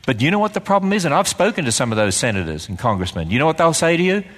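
A male preacher delivers a sermon in a church sanctuary. His voice sits a bit high, and he drives home one rhetorical question after another, sometimes loud and sometimes dropping low. A long hall reverb trails behind every line. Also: sing-song, rapid-fire. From Australia. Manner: emphatic rhetorical questions, swings between loud and hushed.

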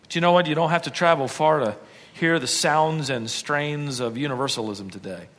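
A man preaching a sermon, emphatic, building his points to forceful peaks. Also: a little high, normal speed. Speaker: pastor. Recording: long hall reverb.

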